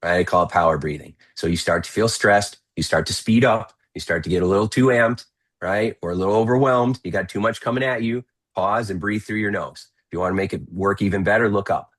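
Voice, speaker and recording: A man speaking as a podcast guest, giving energetic, persuasive coaching advice in a conversational way. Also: lowish voice, brisk. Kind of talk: podcast interview talk.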